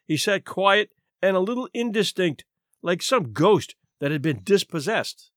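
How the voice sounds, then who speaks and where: A man reads a storybook aloud with a theatrical touch, his voice set high for a man and swinging widely in pitch. The recording is close and dry, with no room sound. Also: animated, a little slow, no echo. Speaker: narrator. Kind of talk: storybook narration.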